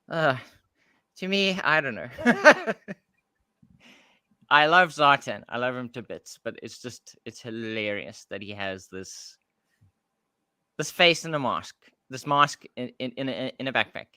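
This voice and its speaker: Bright-voiced South African man chatting. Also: mid-range voice, expressive, a little slow, clear, resonant tone, no room sound, studio quality. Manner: rambling, with frequent restarts and laughs. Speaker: podcast co-host. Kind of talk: casual podcast chat.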